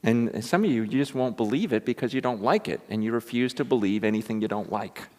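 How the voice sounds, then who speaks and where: Man preaching, animated delivery, acted-out quotes, mid-pitched voice, long hall reverb. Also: fairly quick. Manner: animated, acts out quotes, rising to loud excited peaks. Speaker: pastor. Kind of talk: sermon.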